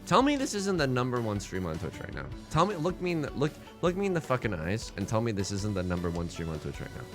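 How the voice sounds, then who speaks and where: A man streaming a mahjong game, chatting casually with his chat in a jokey, animated way with mock-heated rants. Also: fairly low pitch, fast talker, over music. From born outside the United States. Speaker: Twitch streamer playing mahjong.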